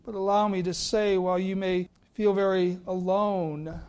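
A male pastor preaching a sermon and reading scripture, deliberate, with his voice sinking soft at the ends of phrases. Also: sits high, little pitch movement, clean tone.

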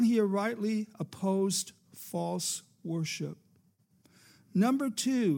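A man's voice: sits high, a little mellow. A man preaching a sermon as pastor, rising and falling for emphasis and calling for amens.

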